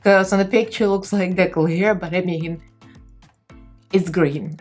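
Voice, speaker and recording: A woman's voice: fairly low pitch, fairly even intonation, measured pace, pauses often, a little mellow, soft background music. A young woman with a Russian accent chatting casually through a makeup tutorial, laughing often and talking in loose, easy phrases. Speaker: makeup vlogger.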